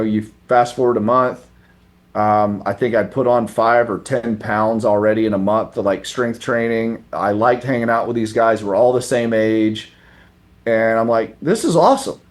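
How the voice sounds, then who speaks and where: Male podcast guest, mid-pitched, easygoing storyteller who acts out the other people's lines. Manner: animated, acts out the voices of people in his stories; relaxed, self-mocking, mild swearing. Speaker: podcast guest, former college thrower. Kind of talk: casual storytelling in conversation.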